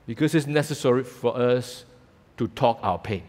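A man with a Malaysian English accent preaching a sermon as pastor, telling the story with animated acted-out voices. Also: medium pitch, normal speed. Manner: animated storytelling, acting out voices in quoted lines. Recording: long reverb of a church hall.

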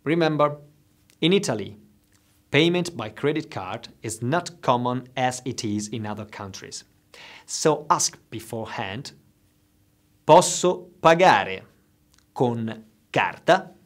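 A man teaching travel phrases, saying each one slowly and clearly so listeners can repeat after him. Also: mid-range voice, animated, a bit bright. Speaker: language teacher. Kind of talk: slow instructional phrase drills.

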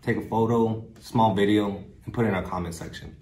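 A man's voice: lowish voice, fairly even intonation, fairly quick, a little mellow. A man hosting for a youth club, giving a casual, friendly sign-off to viewers. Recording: echoey room, far mic.

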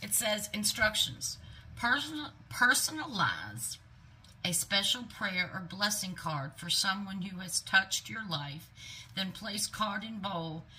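A woman's voice: medium pitch, very animated, slow, pushed and bright, a little hiss or hum. A middle-aged woman unboxing gifts in a casual vlog, gushing, exclaiming often and dropping into whispered asides. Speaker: vlogger.

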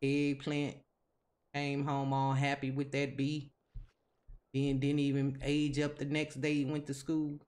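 A woman's voice: very deep voice, monotone, measured pace, a little mellow. Chatty woman scolding her game characters. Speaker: gaming video host. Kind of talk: casual game commentary.

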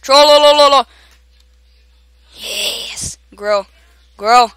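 Excitable young woman shrieking over gameplay. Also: fairly high pitch, drawn-out words, clean tone, no echo. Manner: excitable, shrieks and shouts at other players; laughs often. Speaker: gamer. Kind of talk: gameplay commentary.

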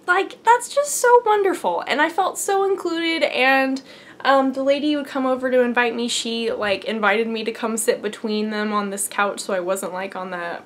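A woman's voice: on the high side, a bit bright, a little hiss or hum. A young adult woman hosting a knitting podcast, telling a long personal story in a rambly, earnest way with many fillers. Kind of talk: casual storytelling.

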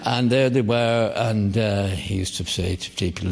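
A man's voice: lowish voice, moderate pace, gravelly, few pauses. An older Irish man doing live stand-up comedy, telling wry rambling stories with dry asides. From Ireland. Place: theatre stage before a live audience. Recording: live theatre recording with long hall reverb.

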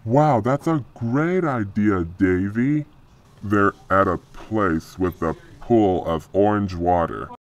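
A man voicing a helpful young male cartoon friend in a flat, stiff voice. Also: lowish voice, slow, lo-fi sound.

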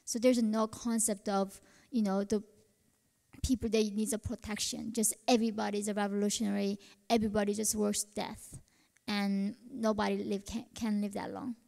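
A woman's voice: mid-range voice, level tone, moderate pace, gravelly, darkish tone. A young woman from North Korea with a Korean accent, answering audience questions at a university talk in an earnest, impassioned way. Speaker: guest speaker. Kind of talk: lecture Q&A answers. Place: university auditorium. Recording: hall reverb.

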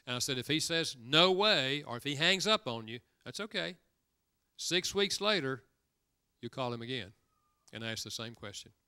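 Older male preacher, folksy storyteller, clear crisp voice, dry close recording. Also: mid-range voice, expressive, moderate pace, pushed and bright, dry recording. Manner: folksy storyteller, acts out dialogue with rising emphasis. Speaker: guest preacher. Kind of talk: sermon with storytelling.

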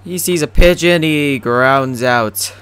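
A young gaming commentator with a slightly high, slow, clear and resonant voice rambles profanely over a baseball video game, tossing out deadpan jokes.

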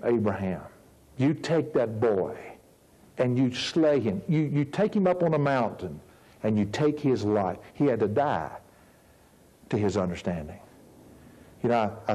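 A man's voice: mid-range voice, warm tone, rough recording. Earnest older-sounding man preaching. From United States. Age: 50s. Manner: earnest, emphatic preaching with slowed stresses and repeated phrases. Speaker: pastor. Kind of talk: sermon.

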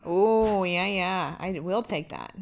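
A woman's voice: on the low side, slow pace, creaky, slight background noise. A young woman streaming a game, playful and swearing freely as she chats with viewers. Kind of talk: casual live gameplay commentary.

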